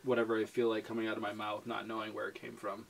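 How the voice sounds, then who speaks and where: A man's voice: lowish voice, completely flat delivery, fast talker, vocal fry. A man with a Canadian accent, co-hosting a casual challenge video in an easygoing, self-deprecating way. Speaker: co-host.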